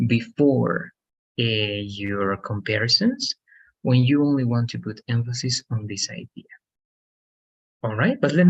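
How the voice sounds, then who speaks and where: Husky male English teacher, patient, repetitive explainer, mid-pitched. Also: muffled recording. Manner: patient, repetitive explaining with frequent "all right" and "okay". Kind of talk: one-on-one online lesson.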